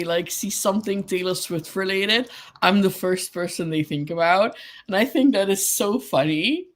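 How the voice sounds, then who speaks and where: A woman hosting a casual livestream, chatting with viewers, giggling often and greeting people by name. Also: medium pitch. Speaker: livestream host.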